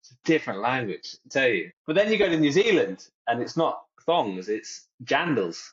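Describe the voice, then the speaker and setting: A man's voice: mid-range voice, very animated, moderate pace, lo-fi sound. A man co-hosting a podcast in casual chat, rambling and jokey and mimicking other people's phrases. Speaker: podcast co-host.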